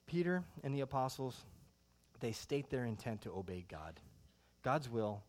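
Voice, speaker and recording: A middle-aged man preaching a sermon in a conversational, animated way, full of rhetorical questions. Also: medium pitch, unhurried. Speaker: pastor.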